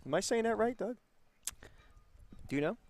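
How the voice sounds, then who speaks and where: A man with a Boston accent calling a high school baseball game play by play, getting loud and excited on big hits. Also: normal speed, no echo. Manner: excitable, rising sharply on big plays. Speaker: play-by-play announcer. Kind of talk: live baseball commentary.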